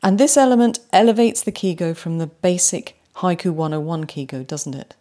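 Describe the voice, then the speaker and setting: A woman hosting a poetry podcast, speaking with warm enthusiasm and slowing down to savour lines read aloud. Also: lowish voice. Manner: animated, slows right down to read poems aloud. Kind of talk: podcast commentary on haiku.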